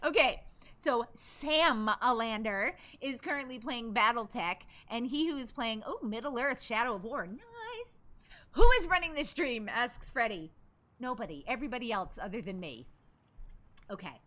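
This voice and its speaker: A woman's voice: a little high, expressive, moderate pace, sharp tone. A woman streamer chatting casually with her viewers while putting on a joke Irish accent, swearing often and laughing a lot. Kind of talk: casual live-stream chat. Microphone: desk microphone.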